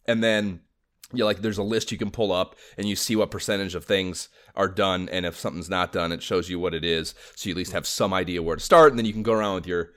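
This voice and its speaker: A man co-hosting a podcast, chatting casually about games, excitable, swearing a lot and laughing often. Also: low voice, fast. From Los Angeles area. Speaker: podcast co-host.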